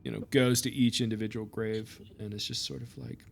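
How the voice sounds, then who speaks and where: A man's voice: mid-range voice, steady tone, brisk, vocal fry, slight background noise. A man narrating a tabletop game as game master, in a casual, hesitant way with many fillers.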